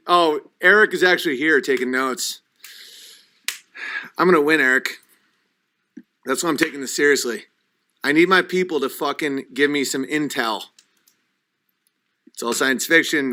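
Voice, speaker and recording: A high-voiced man who rants on a livestream, swearing and arguing with his chat. His voice is bright and sharp, and a few drinks loosen his delivery. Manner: agitated, profane, reading chat comments aloud. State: has been drinking. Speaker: livestream host.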